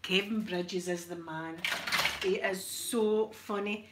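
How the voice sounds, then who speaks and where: A middle-aged Scottish woman hosts an ASMR livestream, ironing and chatting loosely with plenty of stories and laughs. Her voice is on the low side, slow and fairly even in intonation. The recording is very noisy.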